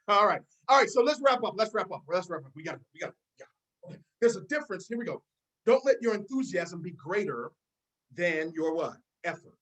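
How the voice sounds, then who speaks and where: A woman's voice: lowish voice, fairly bright tone, rough recording. A woman hosting a team video call, giving a fired-up motivational pep talk, repeating herself and calling out listeners by name.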